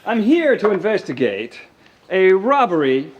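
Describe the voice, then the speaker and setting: An actor playing a bumbling, easily confused police detective in a sitcom, over the top. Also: male voice, sits high, sing-song, a little slow, highs cut off, very noisy. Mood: flustered. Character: bumbling London police detective, middle-aged man. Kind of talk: scripted sitcom acting.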